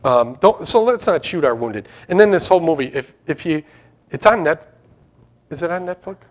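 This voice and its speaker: A man's voice: fairly high pitch, expressive, normal speed. A man preaching an informal sermon to his congregation, rambling and conversational with frequent restarts. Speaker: pastor.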